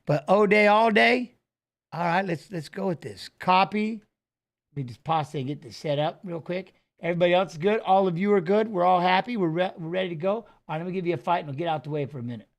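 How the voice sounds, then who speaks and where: Brief: middle-aged male host, high-pitched voice, loose, profane, joking chatter. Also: quick pace, gravelly. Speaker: show host. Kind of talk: casual livestream chat.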